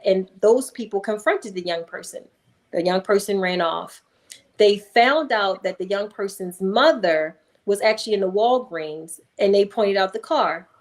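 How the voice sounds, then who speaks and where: A woman, a hypnotherapist, speaking as a guest in a conversational interview and telling a story in a calm, emphatic way. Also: mid-range voice. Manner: calm, emphatic, acts out voices in anecdotes.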